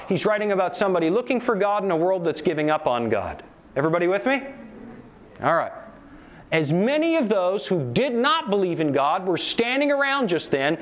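Male preacher, higher-pitched, very animated delivery, keeps checking in with the congregation. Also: normal speed. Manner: animated, asks the audience rhetorical questions. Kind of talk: sermon lecture to a live audience.

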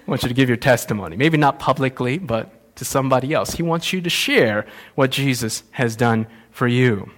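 A male pastor preaching a sermon, telling a Bible story in an animated way and acting out the characters. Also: mid-range voice, normal speed, few pauses.

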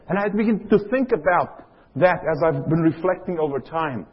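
A man's voice: high voice, lively intonation, fast talker, breathy edge, lo-fi sound. A middle-aged man from Africa, preaching a sermon and telling a personal story, often putting questions to the audience. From South Africa.

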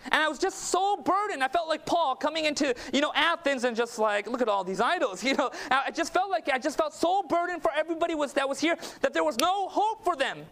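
A man's voice: very high voice, animated, fairly quick, hardly any pauses, fairly bright tone. A male preacher telling a personal story in a sermon, chatty and anecdotal, often checking in with "okay?". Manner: anecdotal, conversational, with frequent "okay?" asides.

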